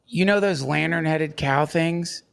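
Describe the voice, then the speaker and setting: Man in his forties, podcast host, casual joking chat, high voice, gravelly fry. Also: measured pace, a bit bright. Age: 40s.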